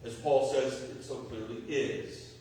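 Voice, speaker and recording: A man's voice: medium pitch, fairly even intonation, measured pace, dark tone, a little hiss or hum. A man with a Texan accent, a pastor preaching a sermon in a church, talking in a conversational way with rhetorical questions and everyday examples. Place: church sanctuary. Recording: echoey church hall, mic at a distance.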